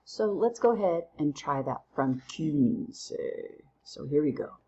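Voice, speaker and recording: A woman teaching a recorded lesson through counting drills, playful and quick to use silly memory tricks. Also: low-pitched, animated, darkish tone, breathy edge, highs cut off. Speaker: Spanish teacher.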